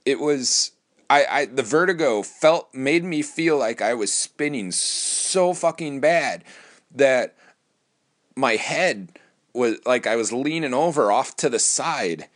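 A man's voice: medium pitch, expressive, takes it slowly, a bit bright. A man from Wisconsin hosting a podcast, talking in a rambling, profane casual monologue with frequent restarts.

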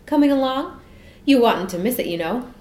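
A woman's voice: high voice, expressive, normal speed, mellow, echoey room, voice pushed up. A woman doing a bluff, kindly big lion. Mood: apologetic.

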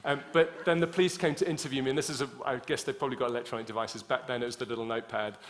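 A man's voice: medium pitch, steady tone, very fast, a bit bright. A man telling a personal story in the middle of a sermon, talking in a conversational way with many restarts. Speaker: preacher.

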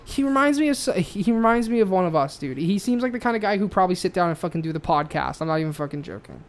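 A man's voice: sits high, fast talker. A man co-hosting a casual podcast, swearing freely and telling a story with rising feeling. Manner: profane, animated storytelling. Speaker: podcast co-host.

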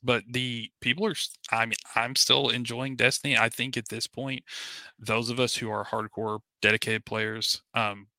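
A man's voice: medium pitch, level tone, normal speed, pushed and bright, no room sound. A man co-hosting a gaming podcast, talking casually and earnestly with many fillers and restarts. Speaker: podcast co-host. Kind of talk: casual chat.

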